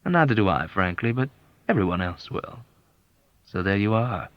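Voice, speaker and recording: Man doing sardonic smooth-talking colonel, sly, ironically sweet, lively lilt, dry dull audiobook sound. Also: fairly low pitch, normal speed, no room sound. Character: sly sardonic middle-aged male colonel.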